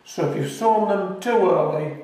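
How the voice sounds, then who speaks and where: A man from the United Kingdom hosts a gardening video in a relaxed, joking, reassuring way, now and then laughing at himself. His voice sits a little high. He sounds set back from the mic in a very echoey space. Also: a little slow. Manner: talks with his mouth full at times. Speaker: gardening channel host. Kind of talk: casual friendly how-to talk. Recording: very echoey, voice from a distance.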